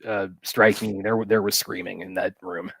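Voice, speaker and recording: A man co-hosting a live stream remotely, talking in halting bursts and repeating words as he thinks. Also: fairly low pitch, little pitch movement, vocal fry, fairly bright tone, breathy edge. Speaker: co-host. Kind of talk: casual live-stream chat.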